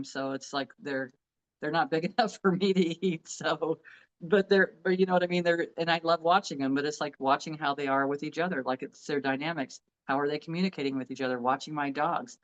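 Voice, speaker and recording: A woman's voice: deep voice, highs cut off. A middle-aged woman with grandchildren, co-hosting a casual chat in an earnest, heartfelt way, often restarting her sentences. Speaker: co-host.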